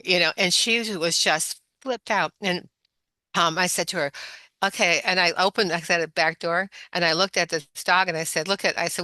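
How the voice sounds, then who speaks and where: A woman's voice: lowish voice, normal speed, no room sound. A woman guest in an interview, telling long rambling stories full of "you know" asides. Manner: rambling, animated storytelling with many "you know"s. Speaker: guest, functional medicine practitioner. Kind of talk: storytelling interview.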